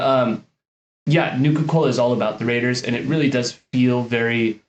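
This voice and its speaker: A man's voice: medium pitch, a little mellow, roomy sound, low-quality recording. A man co-hosting a podcast, casually recapping scenes with frequent fillers. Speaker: podcast co-host.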